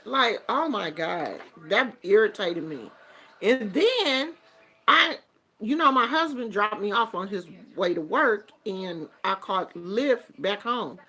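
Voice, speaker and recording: A woman hosting a show and telling a story in casual chat, animated and acting out what people said. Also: mid-range voice, slow pace. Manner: animated, acts out quotes. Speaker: host.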